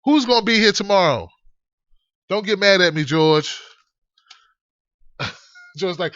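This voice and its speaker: A male livestream host with a high, sharp voice that sits dry and close. He talks in a loose, rambling way and fires off animated shout-outs. The sound is dull and lo-fi. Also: measured pace, long pauses, dry recording. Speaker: host of an online talk show. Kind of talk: casual livestream chat. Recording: dull lo-fi stream audio.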